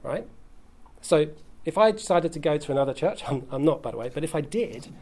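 Chatty pastor preaching. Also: male voice, on the high side, expressive, fairly quick, dark tone. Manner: conversational and humorous, with frequent "okay?" check-ins. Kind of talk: sermon. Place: church hall.

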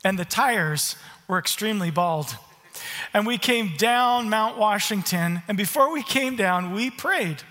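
Bright-voiced preacher man in a hall. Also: high voice, a little slow. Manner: storytelling, animated, mimics voices in quotes. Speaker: pastor. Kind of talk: sermon.

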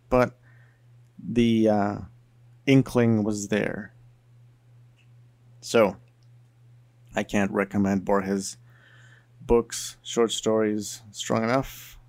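A man's voice: on the low side, vocal fry, darkish tone, dry recording. A man talking through an explanation about languages in a chatty way, full of fillers like "you know" and "like". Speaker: video essayist on languages. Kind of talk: casual explainer monologue.

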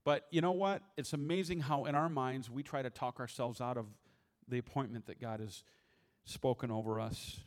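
A man's voice: medium pitch, steady tone, normal speed. A man preaching a sermon in a conversational, humorous way, often restarting his words. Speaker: pastor.

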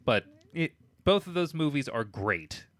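A man's voice: fairly high pitch, very animated, fairly bright tone, no echo, clean studio sound. A man in casual chat who jokes wryly and laughs often. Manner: wry, joking, quick to laugh.

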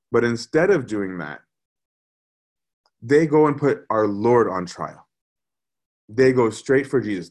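A man giving a sermon, talking conversationally and asking his listeners "right?" again and again. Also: lowish voice. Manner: conversational, animated, often asks "right?". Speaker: preacher.

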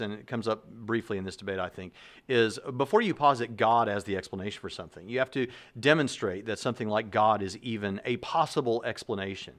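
A man's voice: mid-range voice, a bit bright. A man hosting a video, explaining casually and thinking aloud with many fillers and restarts. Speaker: Christian apologist video host. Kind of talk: casual talk to camera.

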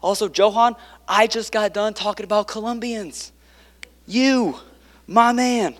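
A man preaching a sermon, swinging between quiet, intimate passages and emphatic ones, with joking asides to the congregation. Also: high-pitched, unhurried, long reverb tail. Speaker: pastor.

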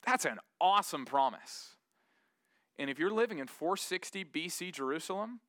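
A man delivers an earnest, animated sermon in a bright, somewhat high voice. He slips into the voices of questioning doubters as he teaches. The sound is dry and close. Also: moderate pace, pauses often, no echo. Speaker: preacher.

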